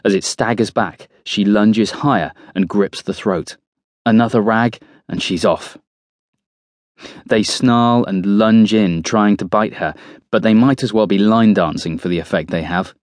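A man narrating a horror audiobook in the first person, measured and tense. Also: on the low side, no room sound.

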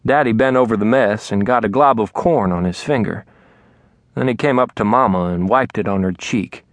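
A man narrating an audiobook in a soft, even storytelling voice. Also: fairly low pitch, moderate pace, no echo, clean studio sound. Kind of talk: scripted narration. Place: recording studio.

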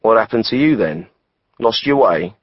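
A man's voice: on the low side, lively intonation, moderate pace, no room sound, dull audio. A male narrator playing a coarse, bullying boss who talks in a blunt, mocking way.

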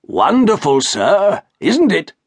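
A man doing a fawning, high-voiced showman shopkeeper. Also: wildly swooping pitch, slow, husky, dry recording, full character voice. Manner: obsequious, keeps saying sir. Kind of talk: audiobook character voice.

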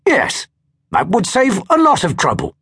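A man's voice: mid-range voice, wildly swooping pitch, measured pace, a bit bright, breathy edge, no room sound, heavily acted. A man voicing a fretful alien ship captain. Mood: wry, evasive. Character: worried alien male starship captain, evasive.

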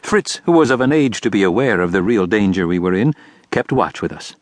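A man narrating an audiobook in a measured, expressive storytelling manner. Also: lowish voice, no room sound. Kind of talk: scripted narration.

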